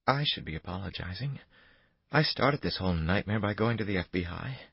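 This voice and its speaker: A man voicing a tense woman on the run in an audiobook thriller, with an earnest, husky voice. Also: deep voice, expressive, brisk, no room sound, lo-fi sound, exaggerated voice.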